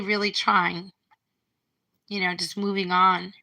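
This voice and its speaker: A middle-aged woman livestreams from home in a medium-pitched voice that is pushed and bright, with fairly even intonation and a slightly slow pace. Rambling and restarting often, she reads out viewer comments during the casual chat. The phone recording is low quality.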